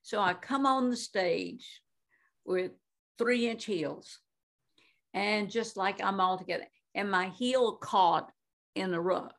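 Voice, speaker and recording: Speaking slowly in a gravelly, medium-pitched voice, an eighty-something Christian minister and guest spins lively conversational stories full of fillers and frequent laughter.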